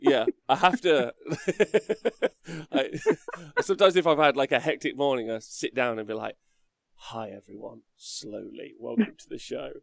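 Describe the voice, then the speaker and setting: Gravelly podcast host, chatty. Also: male voice, medium pitch, no room sound, clean studio sound. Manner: chatty, laughs often, reads chat aloud. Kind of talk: casual livestream chat.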